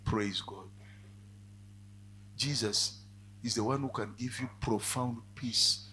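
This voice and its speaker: A male preacher giving a sermon, dropping to quiet asides and then rising to loud, emphatic cries. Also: medium pitch, slow pace, slight background noise.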